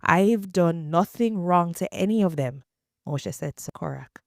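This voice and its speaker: A woman reading scripture aloud in a measured, deliberate way. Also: lowish voice, expressive, gravelly, dry recording, studio quality. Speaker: scripture reader.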